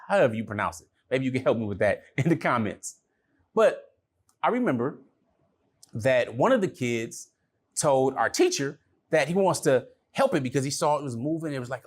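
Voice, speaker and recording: A middle-aged man coaching on relationships in a relaxed, conversational way. His voice sits at a medium pitch. He tells a story and drops in religious phrases as he goes. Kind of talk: casual talk to camera.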